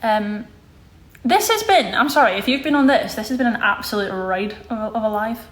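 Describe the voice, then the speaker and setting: A woman's voice: on the high side, expressive, normal speed, a bit bright. A woman in her twenties from Scotland, chatting casually on a livestream as host, rambling and correcting herself as she reads comments. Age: 20s. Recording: echoey room.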